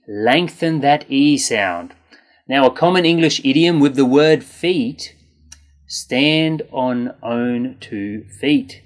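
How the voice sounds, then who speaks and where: An English pronunciation teacher who says each word slowly and repeats it, stretching out the sounds, in a patient, encouraging way. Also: medium pitch. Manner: slow, deliberate, exaggerated enunciation with repeated words. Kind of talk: scripted pronunciation lesson.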